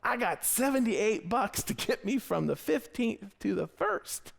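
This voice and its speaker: A male pastor delivering a sermon with a fairly high voice that jumps all over the place. He tells stories in a chatty, conversational way and acts out every line of dialogue. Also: a little slow, vocal fry. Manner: storytelling with animated quoted dialogue, conversational. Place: church sanctuary.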